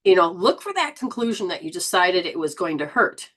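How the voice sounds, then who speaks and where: A woman hosting a spiritual live stream, reading viewer comments and coaching them in a lively, exclaiming, rambling way. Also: fairly low pitch, a little fast. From Southern Hemisphere. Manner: animated, exclaims and laughs often. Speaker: host.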